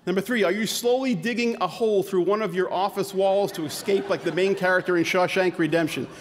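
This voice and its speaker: A man's voice: sits high, fairly even intonation, fairly quick, a little hiss or hum. A man giving a comedic keynote talk as a physician, with a sarcastic, punchy delivery, laughter from the audience now and then. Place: conference hall. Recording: long hall reverb.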